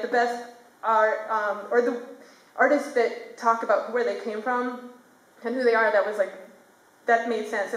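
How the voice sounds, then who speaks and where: A young woman animator talking onstage at a theater, rambling and chatty with lots of fillers. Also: a little high. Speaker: animator presenting her work. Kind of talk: casual onstage talk. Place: theater stage. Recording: echoey theater room.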